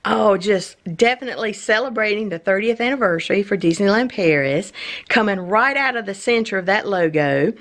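A woman hosting her own channel, unboxing collectible pins in a haul video, gushing and exclaiming with excitement. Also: mid-range voice, fairly quick. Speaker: channel host.

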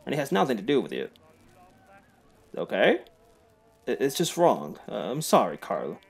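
A nervous, guilt-ridden married businessman with a Southern US drawl, as a man puts him on. He stammers and apologizes, and his voice is husky and gravelly. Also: medium pitch, wildly swooping pitch, normal speed, exaggerated voice. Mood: apologetic. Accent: put-on Southern US.

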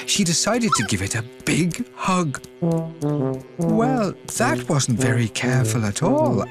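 A man narrating a scripted cartoon story for preschool children in a gentle, sing-song way, asking the listener questions. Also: sits high. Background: music.

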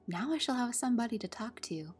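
A woman's voice: on the high side, expressive, fast talker, a little mellow, slightly rough, faint music behind, voice pushed up. A woman voicing a polite, curious young girl who speaks timidly in a storybook reading. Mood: complaining. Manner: timid and polite, rising to eager.

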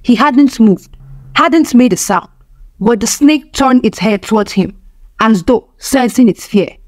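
Woman reading a spooky story, kinda high voice, dry close sound. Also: measured pace, no room sound. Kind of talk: scripted narration.

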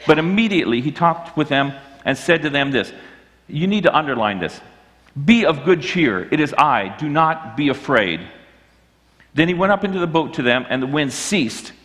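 A man's voice: on the high side, a bit bright. A man preaching a sermon as the pastor, earnest and often restarting his sentences. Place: church sanctuary. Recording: church hall reverb.

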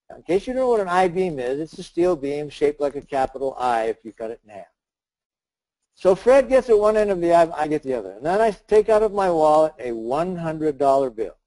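Mellow-voiced man telling a motivational story. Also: fairly high pitch, sing-song, fairly quick, rough recording. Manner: storytelling, acts out dialogue, shouts in the story. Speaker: speaker leading a webinar. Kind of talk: motivational talk with a told scenario.

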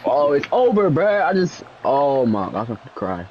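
A young man, firing back quick mock-annoyed comebacks during a voice call. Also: on the high side, very animated, lo-fi sound, slight background noise. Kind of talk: casual banter on a voice call.

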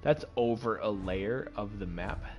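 A man streaming himself playing a game, commenting casually and swinging from loud outbursts to quiet muttering. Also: on the low side, a little slow, faint music behind. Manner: excitable, swings from yelling to muttering.

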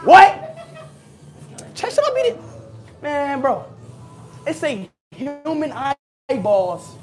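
A man's voice: extremely high pitch, wildly swooping pitch, slow, a little mellow. A young man streaming a haunted house walk, panicky, swearing and yelping in fright.

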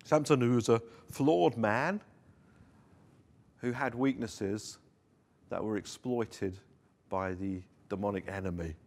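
A man's voice: lowish voice, slow, pauses often, darkish tone. A man preaching a sermon at a church service, earnest, with rising emphasis on key lines. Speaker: pastor. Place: church service streamed online.

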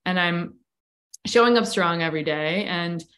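A woman's voice: fairly low pitch, normal speed, fairly bright tone. Candid woman telling a personal story. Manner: candid, reflective, frequent "like" fillers. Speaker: breathwork coach and podcast guest. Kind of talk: conversational storytelling.

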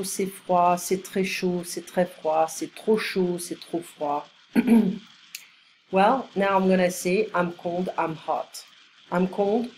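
A woman teaching an online language lesson, explaining and repeating phrases slowly for learners. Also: fairly low pitch, darkish tone, slight background noise, low-quality recording.

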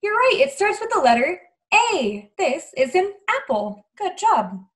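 A woman librarian reading a picture book aloud to young children in an animated, sing-song way, coaxing them to join in. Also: very high voice, unhurried. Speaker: children's librarian hosting story time.

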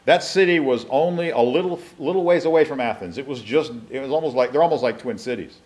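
A man's voice: mid-range voice, fast talker, a little mellow. A man teaching a Bible class, reading scripture aloud and then explaining it, with frequent restarts.

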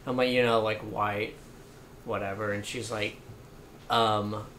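A man's voice: lowish voice, flat delivery, unhurried, a bit bright, a little hiss or hum. Laid-back young man telling a story. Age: young adult. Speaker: podcast guest. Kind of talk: casual chat.

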